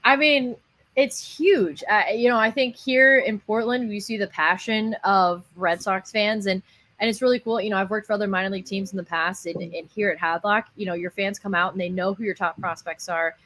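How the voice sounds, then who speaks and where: A woman who calls baseball games talks as a guest on a radio show. She answers thoughtfully and sounds upbeat. Her pitch is medium, and the sound is dry, with no room echo. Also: steady tone, normal speed, a bit bright. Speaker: minor league baseball broadcaster.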